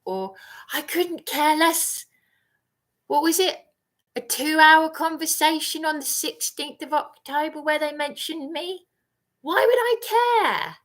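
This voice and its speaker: Woman, livestream rant, accusatory and repetitive, slightly high voice, slow delivery. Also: fairly bright tone. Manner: agitated, accusatory, repeats herself.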